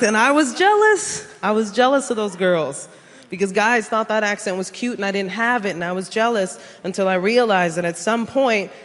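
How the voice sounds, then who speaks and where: A woman's voice: medium pitch, a little hiss or hum. A woman from the South Bronx, doing brash, teasing stand-up comedy on a big stage. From South Bronx, New York. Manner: brash, teasing, quick punchlines with playful impressions. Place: large theater stage with a live audience. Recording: stage mic with loud audience laughter.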